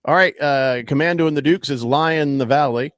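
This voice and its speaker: A man hosting a sports talk radio show, reading listener texts aloud and riffing in animated banter. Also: on the high side, normal speed, no echo, studio quality.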